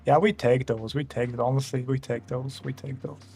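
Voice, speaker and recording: Gravelly and darkish, the young Austrian man's medium-pitched voice stays level at a normal speed. Speaking with an Austrian German accent, he draws on stream and chats casually with viewers, rambling and chuckling as he reads their messages.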